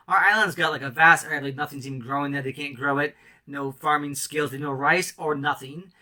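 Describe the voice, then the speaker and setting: A man's voice: fairly high pitch, bright, forceful tone. A man in ministry giving an impassioned, rambling testimony sermon full of restarts and emotional outbursts. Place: island mission.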